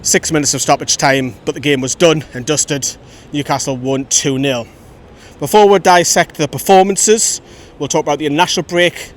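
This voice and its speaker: Fan-channel host, slightly high voice, opinionated chat outdoors with faint traffic behind. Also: male voice, moderate pace. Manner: chatty, opinionated, lively storytelling. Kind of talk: outdoor post-match fan reaction. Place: outdoors by a road after a match. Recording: faint traffic rumble outside.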